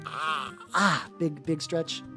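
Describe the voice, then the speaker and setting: With faint music in the background, a woman paints miniatures on stream, talking bluntly and ramblingly with lots of fillers and swearing, stopping to greet viewers in her chat. She has a deep voice and a steady tone.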